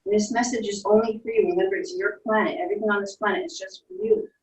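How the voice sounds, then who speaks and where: A woman leading children through a guided imagination story, in a soft, playful storytelling way with little sound effects. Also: medium pitch, big pitch swings, quick pace, a little hiss or hum. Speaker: instructor leading a guided visualization. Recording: echoey room, distant from mic.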